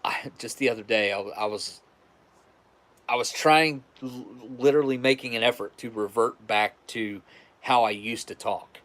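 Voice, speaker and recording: A man's voice: mid-range voice, moderate pace, fairly bright tone. A man from West Virginia with a West Virginian accent, chatting casually and rambling with restarts on a live stream. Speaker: livestream host.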